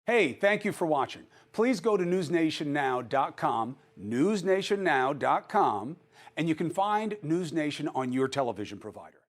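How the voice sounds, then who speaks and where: A man's voice: fairly high pitch, very animated, normal speed. A man hosting a cable news interview, asking punchy, emphatic questions. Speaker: TV news host.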